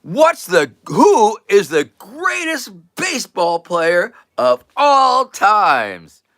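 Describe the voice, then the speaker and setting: A man's voice: high-pitched, big pitch swings, extremely slow, fairly bright tone, dry recording, clean studio sound, pitched above the performer's own voice, heavily acted. A man doing an eager dog owner in a joke. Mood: excited.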